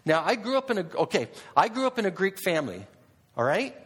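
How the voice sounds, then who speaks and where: A man giving a public talk to an audience, animated, full of rhetorical questions and restarts. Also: sits high, fast, slightly rough. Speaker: speaker addressing an audience.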